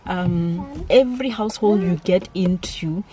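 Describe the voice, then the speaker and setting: A woman's voice: on the low side, lively intonation, measured pace, dark tone, a little hiss or hum. Chatty South African woman vlogger. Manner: chatty, switches into Xhosa, teasing. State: out of breath. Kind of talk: casual vlog chat.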